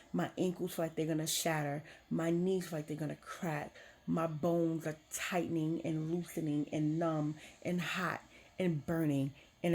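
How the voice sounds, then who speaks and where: A woman's voice: deep voice, dark tone, husky. A young adult woman vlogger frankly telling a personal story, emotional and swearing casually.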